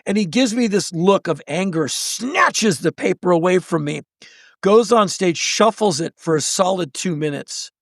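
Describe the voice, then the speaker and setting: A man in his sixties tells stories as a podcast guest, sounding lively and acting out each person he mentions. His voice sits high for a man and is gravelly, and it is recorded close and dry. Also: measured pace, no echo. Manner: animated storyteller who acts out the people in his stories. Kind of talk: storytelling in conversation.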